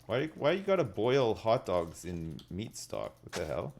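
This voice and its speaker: A man's voice: lowish voice, very animated, measured pace, creaky, a little mellow. A man in his thirties streaming a game live, joking and rambling to his chat. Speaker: livestreamer. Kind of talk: casual live-stream chat while gaming. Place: home gaming setup.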